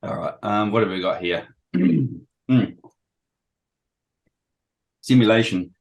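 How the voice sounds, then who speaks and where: A man with a hoarse, failing voice giving a casual presentation on a video call, often clearing his throat. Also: on the low side, lively intonation, slow, dull audio. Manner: frequent throat-clearing, self-deprecating. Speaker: guest trader sharing experience.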